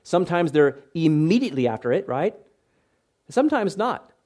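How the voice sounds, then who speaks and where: A man's voice: a little high, big pitch swings, normal speed. A man preaching an expository sermon in a conversational way, reading scripture aloud and often checking in with listeners. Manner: conversational, tag questions, bursts into loud acted shouts. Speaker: pastor.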